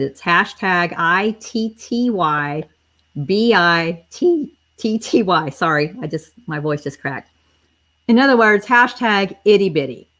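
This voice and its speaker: A woman with a slightly low voice hosts a casual live stream running a giveaway, talking straight to her viewers in chatty running commentary. She spells things out carefully and keeps everyone in the loop, all through a computer mic.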